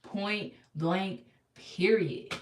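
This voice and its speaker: A woman's voice: medium pitch, very slow, a little hiss or hum. Preachy young woman, echoey distant mic. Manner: emphatic, repetitive, call-and-response. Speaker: motivational live-streamer. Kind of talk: preachy live-stream pep talk. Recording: echoey room, far from mic.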